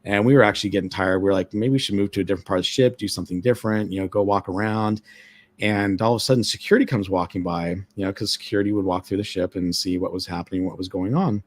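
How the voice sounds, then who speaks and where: A man's voice: deep voice, steady tone, fast talker. A man casually telling a ghost story on a live stream, full of fillers and acting out the people he quotes. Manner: chatty, many fillers, acts out quoted voices. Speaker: guest storyteller, former ship employee.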